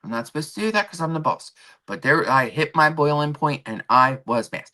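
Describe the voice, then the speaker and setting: A woman hosting a livestream, chatting casually and telling an animated story from work, acting out the people in it. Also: sits low, brisk. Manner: animated storytelling with quoted voices; rambling with restarts and asides to chat. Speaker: livestream host. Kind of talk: casual chat. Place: home.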